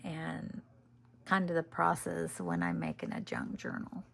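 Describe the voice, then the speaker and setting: A woman chatting casually as she works on a junk journal, soft-spoken and often half-whispering. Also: low voice, wildly swooping pitch, unhurried, vocal fry. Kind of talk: casual crafting chat.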